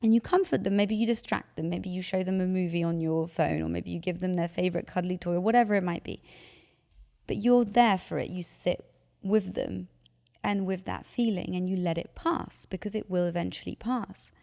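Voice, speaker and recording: A woman's voice: fairly low pitch, moderate pace, gravelly, long reverb tail. A woman giving emotional advice in conversation, animatedly acting out anxious thoughts. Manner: animated, acts out anxious inner voices.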